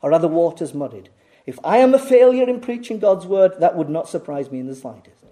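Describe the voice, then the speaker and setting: A man preaching a sermon, emphatic and insistent, repeating key words and putting rhetorical questions to the congregation, moving between raised urgency and quiet asides. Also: high voice, big pitch swings, brisk.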